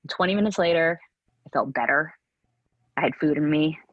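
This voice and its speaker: A woman's voice: deep voice, moderate pace, no room sound, muffled recording. A middle-aged woman in a candid interview, speaking earnestly with many restarts and acting out quotes from her past. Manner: earnest, tumbling restarts, acts out remembered quotes. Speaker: guest.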